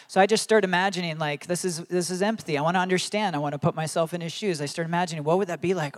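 A male pastor in his thirties delivering a sermon in an earnest, conversational way. His voice sits a little higher than most men's. He often laughs as he tells his stories. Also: fairly quick.

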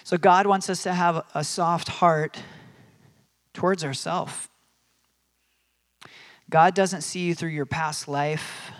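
A man's voice: a little high, steady tone, slow, long pauses. A man preaching a sermon in a conversational way, with many fillers and restarts, acting out quoted voices with animation.

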